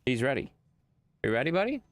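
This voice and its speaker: Lively, profane male game streamer. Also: mid-range voice, fairly quick, no echo. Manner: loose and profane, chatting to viewers and his dog. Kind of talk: casual livestream gameplay commentary.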